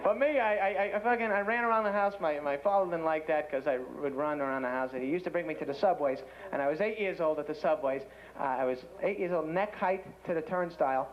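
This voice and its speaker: A young man doing a stand-up set in a comedy club, rambling and self-mocking in an excitable way. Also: on the high side, quick pace. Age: young adult. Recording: muffled old TV tape, loud crowd. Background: loud audience laughter.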